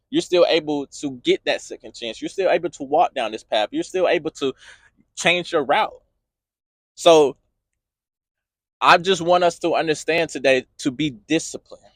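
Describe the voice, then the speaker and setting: A man's voice: medium pitch, fairly bright tone, no room sound. A man hosting a podcast, giving an earnest faith-based motivational talk with preacher-like repetition.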